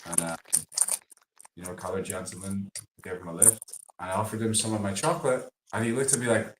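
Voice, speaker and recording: A man's voice: lowish voice, steady tone, brisk. A man who makes chocolate, chatting casually and telling stories in a loose, trailing way. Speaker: chocolate maker. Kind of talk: casual interview chat. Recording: echoey room with faint noise.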